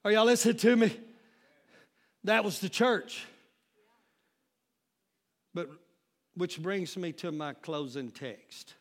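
A man preaching a sermon as pastor, calling out to the congregation and building up to shouts. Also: sits high, lively intonation, takes it slowly, pauses often.

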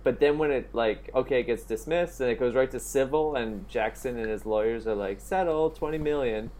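A man chatting casually as a podcast co-host, blunt and heavy on swearing, with frequent "like" fillers and animated outbursts. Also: mid-range voice, a little fast. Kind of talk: casual chat.

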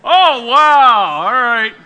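A middle-aged pastor speaks extremely slowly in a smooth, very high-pitched voice. He runs a quiz with his congregation and tells an animated story that mocks himself.

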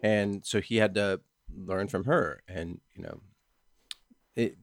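A man hosting a casual podcast chat, relaxed and conversational. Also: lowish voice, takes it slowly, no room sound, clean studio sound.

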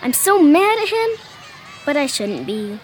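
Pouty little girl, high and whiny, bouncy pitch, family audio drama. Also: very animated, unhurried, a little mellow, some chatter behind, a little hiss or hum. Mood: angry. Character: young girl, hurt and sulky at her brother.

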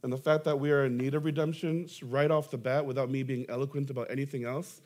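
Young male pastor, mid-pitched, preaching with lively, self-deprecating stories and emphatic peaks. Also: fast talker. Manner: animated storytelling, self-deprecating humor, emphatic rises. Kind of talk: sermon.

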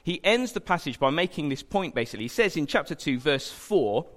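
A man's voice: a little high, lively intonation, fairly quick, fairly bright tone. A young man giving an informal sermon, chatty and self-deprecating, with jokey asides. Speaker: preacher. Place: church hall. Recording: long hall reverb.

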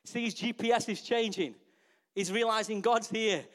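A man preaching a sermon to his church in a lively way, often asking the congregation rhetorical questions. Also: high voice, normal speed. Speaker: pastor.

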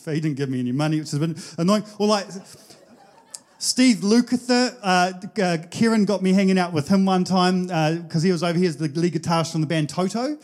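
New Zealand man, pastor, high voice, chatty anecdotal preaching. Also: brisk, darkish tone. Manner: casual anecdotal storytelling, chatty with many fillers. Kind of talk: sermon.

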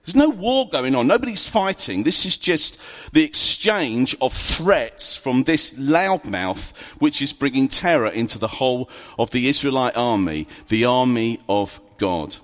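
A man's voice: mid-range voice, sing-song, unhurried. A man preaching a sermon, retelling a story in a conversational way with humorous asides. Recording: long reverb of a large hall.

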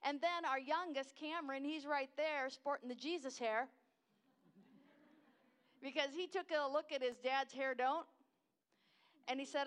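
A woman's voice: high-pitched, steady tone, unhurried, long pauses, a bit bright. An American woman in her fifties gives a chatty, enthusiastic missionary talk at a church service, wandering off track and laughing at herself.

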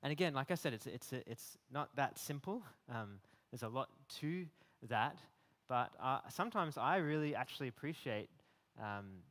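Casual preacher in a reverberant hall. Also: male voice, medium pitch, normal speed. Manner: conversational, many fillers and restarts; animated when voicing imagined rebukes. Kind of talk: sermon.

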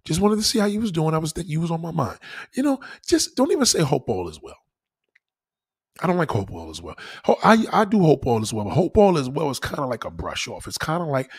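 A man on his own channel, giving casual advice in an animated, preachy way, swearing freely. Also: fairly high pitch, fairly quick, breathy edge. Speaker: YouTuber.

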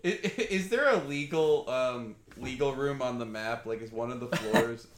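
A man's voice: mid-range voice, moderate pace, reverberant, background noise. A man playing a tabletop game, saying "aye" in character. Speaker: player. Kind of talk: casual tabletop role-play.

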